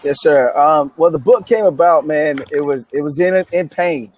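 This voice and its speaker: A man's voice: on the high side, normal speed. A man in his thirties from Memphis, a guest author telling his story in an interview with eager energy and many restarts. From Memphis, United States. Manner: energetic, repetitive restarts, emphatic.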